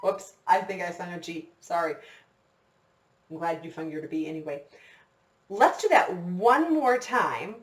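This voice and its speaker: This recorder lesson for children is led by a patient, encouraging woman who counts her students in. Her voice is on the low side and expressive, unhurried with long pauses, captured by a distant mic in an echoey classroom with a whiteboard.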